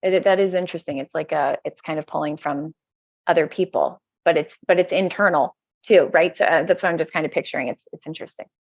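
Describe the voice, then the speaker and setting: Gravelly, hesitant woman, dull dry audio. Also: sits low, quick pace, darkish tone, no room sound. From United States. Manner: hesitant, self-searching, frequent restarts. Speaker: podcast guest. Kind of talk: reflective conversational interview.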